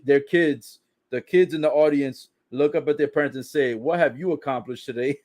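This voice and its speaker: A man's voice: mid-range voice, a little mellow. A man casually recapping a wrestling broadcast, swearing, joking in slang and laughing often. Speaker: wrestling show reaction commentator.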